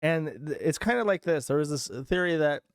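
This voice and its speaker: A man hosting commentary with a slightly high voice, mocking and sarcastic as he rambles. His delivery stumbles through fillers and self-corrections. The sound is dry and close, with no room echo. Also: animated, a little fast, smooth. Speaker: host.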